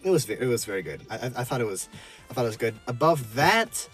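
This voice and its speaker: A man casually reviewing drinks from his car, halting and full of fillers and restarts, chuckling often. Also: medium pitch, big pitch swings, breathy edge, faint music behind.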